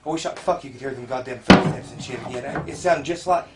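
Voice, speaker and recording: A man's voice: medium pitch, quick pace, recorded from a distance. A young man, cursing and rambling on a home video in a house at night. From Tennessee, US. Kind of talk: shaken home video talk. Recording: noisy home camcorder, from afar.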